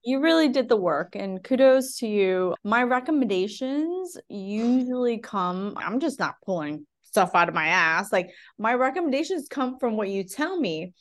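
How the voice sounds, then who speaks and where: A woman's voice: on the high side, big pitch swings, normal speed, hardly any pauses. A woman hosting a podcast and coaching for an exam, encouraging her guest and asking questions in a casual chat. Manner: encouraging, asks leading questions.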